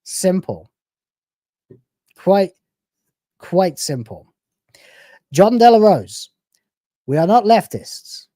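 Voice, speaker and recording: A woman's voice: fairly low pitch, dark tone, no echo, studio quality. A woman hosting a reaction channel, giving sarcastic, profane, mocking commentary over clips.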